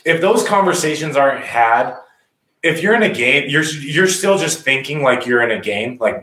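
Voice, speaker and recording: A man and former rugby captain, breaking down rugby play in casual podcast talk and acting out players' voices with energy. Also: mid-range voice. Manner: animated, acts out players' talk in quick voices. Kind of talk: casual sports podcast analysis. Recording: roomy echo.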